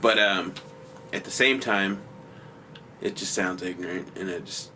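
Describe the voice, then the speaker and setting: A man's voice: low voice, measured pace, pushed and bright, recorded from a distance, slight background noise. A man on a podcast chatting casually, rambling with lots of "like" and "um" and some swearing. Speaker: podcast co-host. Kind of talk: casual chat.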